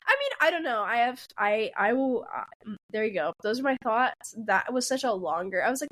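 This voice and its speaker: A woman in her twenties co-hosting a podcast, talking in a rambling, animated way with many restarts. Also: a little high, fairly quick. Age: 20s. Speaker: podcast co-host. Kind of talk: casual chat.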